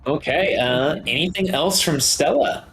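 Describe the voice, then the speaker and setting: A man narrates a tabletop game as its game master. He talks slowly and haltingly, full of fillers, in a slightly raised voice. Soft guitar music plays faintly behind him. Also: fairly high pitch. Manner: relaxed, halting with many fillers.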